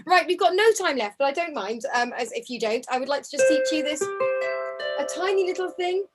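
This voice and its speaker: A woman's voice: high-pitched, animated, normal speed, loud music behind the voice, rough recording. A woman teaching a harp group over a video call, counting beats aloud and humming the tunes. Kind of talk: online group music lesson. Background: harp playing.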